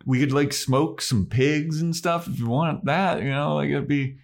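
A man's voice: a little high, moderate pace, vocal fry, pitched above the performer's own voice. A man voicing a laid-back young male friend who talks in a casual, rambling, filler-heavy way. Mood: coaxing.

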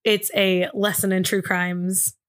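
A woman's voice: medium pitch, level tone, takes it slowly. A woman from Indiana co-hosting a true crime podcast, telling the case in a chatty, joking way and laughing often. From Indiana, USA. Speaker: podcast co-host, case presenter.

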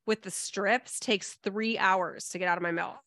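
A woman co-hosting a podcast in casual chat, telling anecdotes and acting out quotes, dropping soft on asides. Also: mid-range voice, fairly even intonation, normal speed, no echo. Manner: chatty, drops soft on asides, acts out quotes. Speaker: podcast co-host.

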